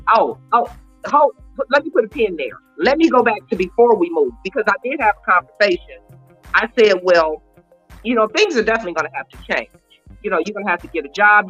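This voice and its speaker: Bright, animated woman telling her story. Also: mid-range voice, lo-fi sound. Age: 40s. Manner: animated, emphatic retelling with quoted dialogue. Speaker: interview guest. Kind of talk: candid storytelling.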